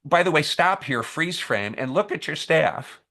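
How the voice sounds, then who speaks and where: A man's voice: a little high, a little slow, creaky. A man guesting on a podcast, telling a training story with energy and acting out the lines people say. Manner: lively storyteller, acts out scenes with quoted lines. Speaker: podcast guest, camp staff trainer and author. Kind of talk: conversational interview.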